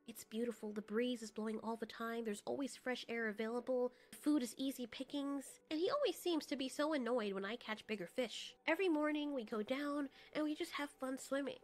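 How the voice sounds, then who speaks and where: A woman voicing a cocky, high-pitched dinosaur girl. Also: fairly bright tone. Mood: content. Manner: boastful, easily annoyed, snarky. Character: proud, hot-tempered female dinosaur. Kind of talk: first-person story narration.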